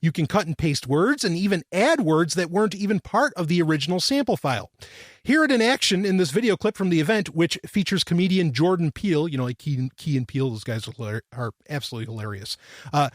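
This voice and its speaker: A man hosting a tech podcast, excitable and loud, swearing and laughing as he talks. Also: a little high, fast, no echo, clean studio sound. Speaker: podcast host. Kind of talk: tech podcast monologue and sponsor read.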